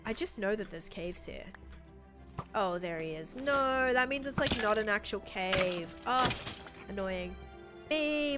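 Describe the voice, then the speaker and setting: A woman's voice: medium pitch, fairly bright tone. A woman from the United States, chatting casually with her chat in a bubbly, gushing way while she plays a game on a live stream. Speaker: livestreamer. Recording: game music behind voice.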